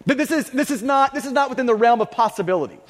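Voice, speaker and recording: A man's voice: extremely high pitch, expressive, racing. A man voicing a group of worried male disciples, speaking earnestly and stumbling over repeated words. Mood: protesting. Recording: long reverb of a large hall.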